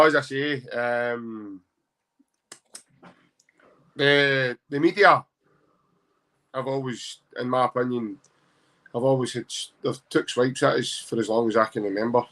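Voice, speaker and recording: A Scottish man from Glasgow, a guest on a casual podcast, talking in a jokey, animated, self-mocking way. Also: mid-range voice. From Glasgow, Scotland.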